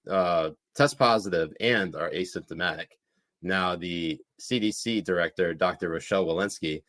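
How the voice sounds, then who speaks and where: A young man with a fairly low voice co-hosts an irreverent political podcast. He talks casually, in a joking tone, as he works through the news of the day. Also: a bit bright. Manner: jokey, reads headlines with mock dramatic voices, laughs a lot. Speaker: podcast co-host.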